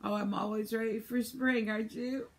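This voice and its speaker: A woman's voice: a little high, fairly even intonation, normal speed. A woman in her seventies, chatty and laughing often, reading viewer comments aloud in a casual vlog while losing her voice. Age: 70s. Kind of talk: casual chat.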